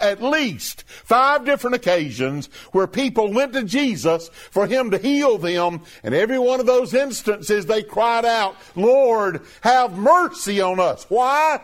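A man preaching a sermon, emphatic and deliberate, repeating phrases as his voice swells and drops. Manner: emphatic, repeating phrases with rising and falling pitch.

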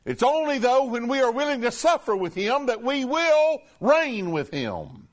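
A man preaching a sermon, passionate, declaiming scripture slowly and dropping low for emphasis. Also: big pitch swings. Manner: impassioned, rising and falling sharply for emphasis; reads scripture in a slow, declaiming voice.

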